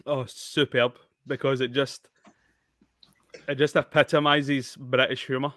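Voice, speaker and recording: A man's voice: medium pitch, flat delivery, unhurried, a bit bright, no echo, clean studio sound. A man with a Scottish accent, enthusiastic and laughing often as he chats about a film on a podcast. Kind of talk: casual film chat.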